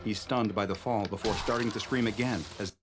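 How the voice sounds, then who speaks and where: Low guy narrating a creepy story, slow and steady, loud music behind. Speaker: narrator of the reacted video. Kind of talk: scripted horror story narration.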